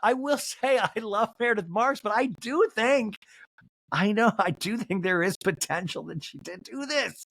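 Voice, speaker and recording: A man's voice: high-pitched, normal speed, gravelly, no echo. A man hosting a podcast, recapping reality TV in a gossipy, comic way and breaking into impressions. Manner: animated and gossipy, with sudden impressions. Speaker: podcast host.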